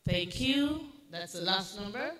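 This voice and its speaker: A woman serving as a spelling bee pronouncer, reading each word slowly and firmly telling children when they are not correct. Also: mid-range voice, animated, crowd noise. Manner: slow, deliberate pronunciation, firm instructions. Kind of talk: reading words and judging spellings. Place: school competition hall. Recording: echoey hall, faint noise.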